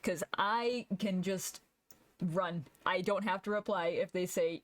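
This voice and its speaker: A young woman chats casually on a live stream as she draws. She laughs easily and talks back to her chat in a relaxed, rambling way. Her voice sits at a middle pitch and sounds dry and close, with no room echo. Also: measured pace, pauses often. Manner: chatty, laughs often, answers chat aloud.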